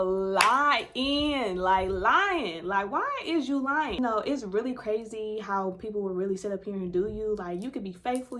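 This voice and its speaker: A woman casually telling a personal story to her viewers, blunt and heavy on profanity. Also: medium pitch. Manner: blunt, profane, animated retelling. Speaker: storytime vlogger.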